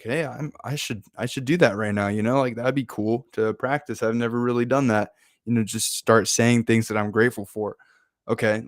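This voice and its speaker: A young man, host of a self-improvement podcast, casually telling a personal story in a playful, animated way, acting out his own excited exclamations. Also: mid-range voice, clean tone, dry recording, studio quality.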